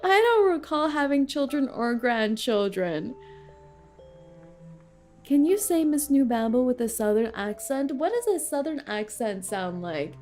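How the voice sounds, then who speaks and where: This VTuber is a young woman with a slightly high, slightly mellow voice. She keeps up casual live-stream chat while playing a game, laughing often over faint background game music.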